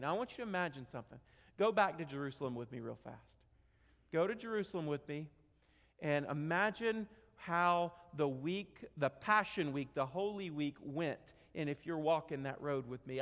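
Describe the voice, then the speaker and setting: A man preaching a sermon, telling a story with dramatic swings from quiet to loud, in a church sanctuary. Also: on the high side. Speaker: pastor. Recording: long hall reverb.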